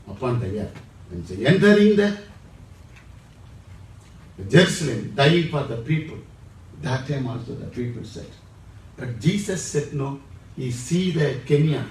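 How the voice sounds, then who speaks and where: Indian pastor guy preaching hard, says everything twice, boomy church echo, mic far off. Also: darkish tone. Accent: Indian English. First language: Tamil. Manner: emphatic, repeats each phrase. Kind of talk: sermon.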